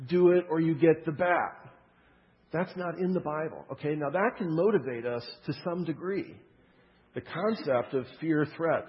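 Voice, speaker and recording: A man preaching a sermon in a loose, conversational way, often checking in with the audience. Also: on the high side. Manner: casual, energetic preaching with frequent "okay?" check-ins. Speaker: pastor. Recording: dull sound with long hall reverb.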